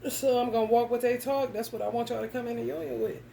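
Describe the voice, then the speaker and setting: Woman, tarot vlogger, gravelly and profane, blunt rant to camera. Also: a little high, steady tone, fast, mellow, a little hiss or hum. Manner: blunt, profane, ranting straight at the viewer. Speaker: tarot reader. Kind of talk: casual tarot reading vlog.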